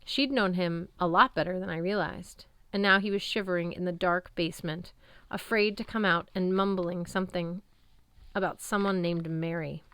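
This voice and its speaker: A woman narrating a first-person audiobook in an expressive storytelling manner. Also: lowish voice, clear, resonant tone, no room sound.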